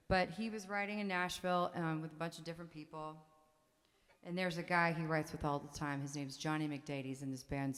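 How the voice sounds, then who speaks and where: Chatty woman in her forties, reverberant hall. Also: fairly low pitch. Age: 40s. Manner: chatty, self-interrupting, laughs often. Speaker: songwriter performing a one-woman show. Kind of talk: storytelling and Q&A with a live audience. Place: theater stage. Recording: long hall reverb, faint music.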